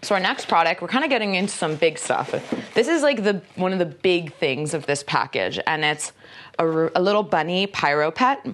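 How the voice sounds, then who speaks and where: This woman, a magazine staffer doing an unboxing, has a lowish, slightly bright, expressive voice and talks a little fast, with some hiss or hum present. Her casual chat rambles along, packed with filler words and jokes at her own expense.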